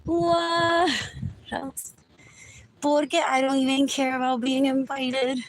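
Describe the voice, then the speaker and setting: A woman hosting a live stream, rambling on in a monologue, repeating herself, dropping in Spanish words and now and then breaking into shouts. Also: high voice, level tone, slow pace, rough recording. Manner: repetitive, keeps asking "what else?", bursts into shouts. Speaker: livestream host. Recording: loud background noise.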